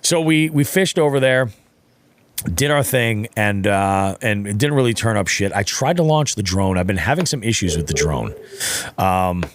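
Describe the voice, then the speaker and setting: At a moderate pace and in a lowish voice, a young man shares a fishing story on a podcast in a casual way. He curses freely and animatedly acts out the lines of others.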